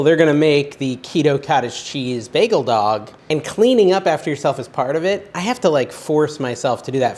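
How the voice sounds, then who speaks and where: A man's voice: mid-range voice, slight background noise. Rambling, chatty man cooking. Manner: rambling, chatty, self-joking. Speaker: cooking channel host. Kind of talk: casual cooking vlog. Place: home kitchen.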